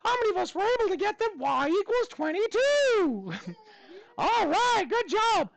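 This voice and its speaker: A squeaky Mickey Mouse. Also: male voice, sing-song, measured pace, no room sound, full character voice. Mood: cheery. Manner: bouncy, upbeat teacher patter in a falsetto. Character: cheerful squeaky male cartoon mouse. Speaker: math teacher. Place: classroom.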